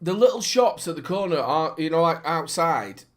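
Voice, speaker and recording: A giggly man chats casually on a podcast. His voice sits a little high and swings widely in pitch. He rambles through fillers and laughs mid-sentence. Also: sing-song, moderate pace. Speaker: show co-host.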